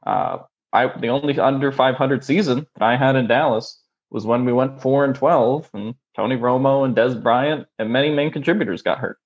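A man playing a measured male veteran football coach, speaking hesitantly with many fillers. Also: medium pitch, highs cut off, natural voice.

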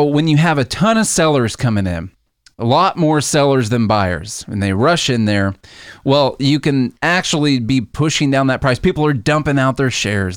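A man's voice: mid-range voice, no echo, clean studio sound. A man co-hosting a casual podcast chat, patiently explaining how the stock market works with everyday comparisons.

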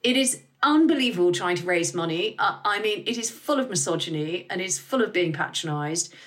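A middle-aged woman talks frankly and with energy as a podcast guest, dropping the odd swear word. Her voice sits a little low for a woman. She tells stories with animation. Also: fairly quick. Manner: candid, lively, swears freely. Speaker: guest, business founder. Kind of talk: casual interview talk.

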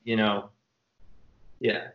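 A man's voice: very slow, highs cut off, crowd noise. A man, a filmmaker being interviewed, telling long rambling stories with many fillers. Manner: rambling, animated storyteller with fillers. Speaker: filmmaker guest. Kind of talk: casual interview storytelling.

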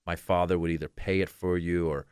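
A man in his forties from Iran, a comedian guest telling animated stories in a casual interview. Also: deep voice, fairly quick, clear, resonant tone, no echo, clean studio sound. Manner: animated, acts out voices in anecdotes.

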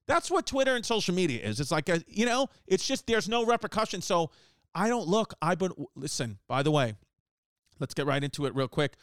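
A man hosting a casual comedy show from his living room, rambling and joking with quick asides. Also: high-pitched, big pitch swings, a bit bright, smooth, no room sound. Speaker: podcast host.

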